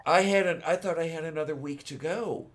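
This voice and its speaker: A man co-hosting a podcast, chatting casually, easygoing and halting, with many ums and dry asides. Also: on the high side. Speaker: podcast co-host. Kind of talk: casual chat.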